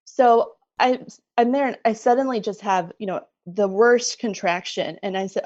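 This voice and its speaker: A middle-aged woman telling her story as a podcast guest, animated and laughing often. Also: medium pitch, normal speed, no room sound, muffled recording. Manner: animated retelling, laughs often, acts out quoted voices. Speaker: guest, bereaved mother. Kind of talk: conversational storytelling.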